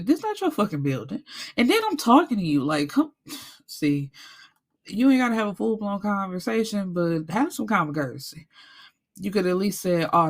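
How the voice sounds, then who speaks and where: Lively woman recapping a book. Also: mid-range voice. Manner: animated storytelling, acts out characters, swears freely. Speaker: book reviewer.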